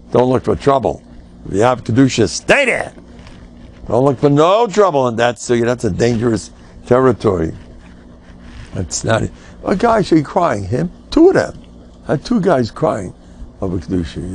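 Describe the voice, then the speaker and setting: Older rabbi with a gravelly, lively voice. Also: male voice, mid-range voice, a little hiss or hum. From United States. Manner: emphatic, joking, mixes Yiddish and Hebrew words. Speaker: rabbi giving a class. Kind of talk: informal Torah lecture.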